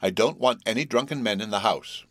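A man's voice: lowish voice, brisk, fairly bright tone, dry recording. A man voicing a fretful, prim young housewife who speaks curtly and disapprovingly. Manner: curt, disapproving.

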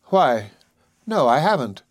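A man voicing a poised young society woman at a dance, with a lightly gentle, polished manner. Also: a little high, big pitch swings, slow pace, dry recording, studio quality, full character voice. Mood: bright.

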